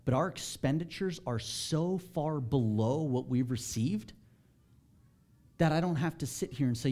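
A male pastor preaching a sermon in a casual, animated way, pushing his voice up when he stresses a point. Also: a little high, measured pace.

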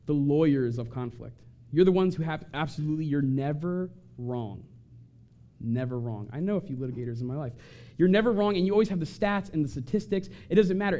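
A man giving an animated talk to an audience and acting out short quoted voices. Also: fairly high pitch. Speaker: speaker on family conflict.

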